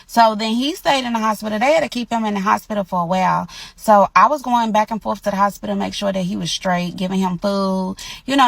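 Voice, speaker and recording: A woman, telling a personal story in a casual, animated, emphatic way. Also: mid-range voice, creaky, no room sound. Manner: animated, emphatic retelling with colloquial speech.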